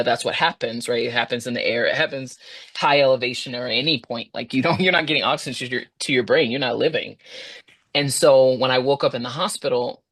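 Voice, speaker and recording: Telling a story from her own life on a podcast, this thirtysomething woman speaks animatedly, and her voice shoots high whenever she replays her past words.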